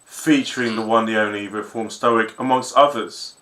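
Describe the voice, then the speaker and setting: Bright-voiced man hosting a stream. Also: fairly low pitch, fairly even intonation, roomy sound. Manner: casual, amused, quick asides. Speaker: livestream host. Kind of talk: casual stream commentary.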